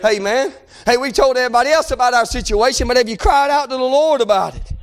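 A man preaching a sermon, impassioned, often shouting and crying out between conversational asides. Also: very high-pitched, quick pace.

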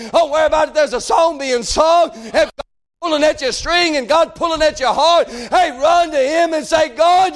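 A male preacher, delivering an impassioned, folksy sermon in a church that swells into shouts. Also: very high-pitched.

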